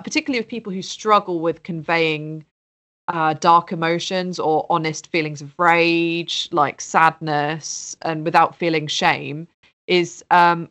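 A woman's voice: lowish voice, a bit bright. A woman co-hosting a podcast, thinking aloud in casual chat, hesitant with many ums and restarts. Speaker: podcast co-host.

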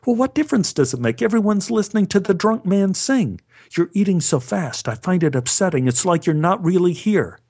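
A fed-up young woman, her voice pitched up high and complaining, as a male storyteller puts her on. She sounds exasperated and hurt, recounted in a spoken story. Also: sing-song, fairly quick, darkish tone, full character voice.

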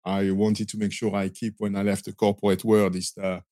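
A man's voice: lowish voice, flat delivery, brisk, dark tone, no room sound. A man in his forties from France with a strong Marseille French accent, talking in a hesitant, filler-heavy way as an interview guest. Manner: hesitant, many fillers and restarts. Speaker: guest, lighting system designer. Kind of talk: casual interview talk.

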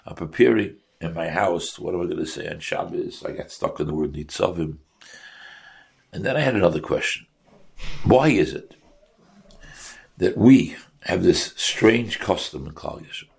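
A man's voice: low-pitched, vocal fry. A man teaching a Torah class to his congregation, asking rhetorical questions and mixing in Hebrew and Yiddish terms.

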